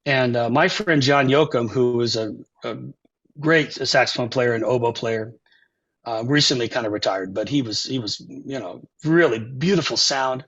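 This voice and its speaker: An older man, a composer and saxophonist appearing as an interview guest, tells stories in a conversational way at normal speed with a medium-pitched voice. He's an animated storyteller who acts out the people involved, performing their quotes and singing phrases. The podcast audio is dull and lo-fi.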